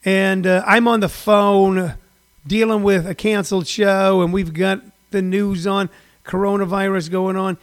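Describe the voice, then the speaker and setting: A man in his sixties with a high voice, talking off the cuff on his daily livestream. He rambles and restarts his sentences, with lots of ums and uhs, in a loose, chatty monologue. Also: flat delivery, unhurried. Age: 60s. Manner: rambling storyteller with many fillers and restarts. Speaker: comedian hosting a daily livestream.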